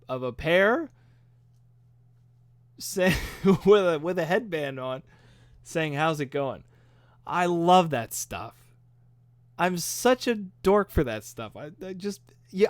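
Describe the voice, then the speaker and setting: Slightly high and smooth, the man's voice has no room sound as he hosts a live stream. He chats casually and cheerfully into a studio microphone, responding to viewer comments with self-deprecating humor.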